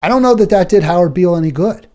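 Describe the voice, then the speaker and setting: A man's voice: high voice, lively intonation, rapid-fire, mellow. A man hosting a political talk show, delivering an indignant, exasperated monologue and stumbling over repeated words when worked up.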